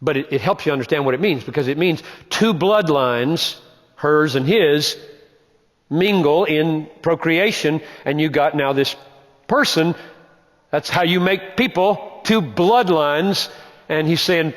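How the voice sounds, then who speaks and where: A man's voice: on the high side, a little slow, long reverb tail. A man teaching the Bible, emphatic, repeating key phrases and posing rhetorical questions.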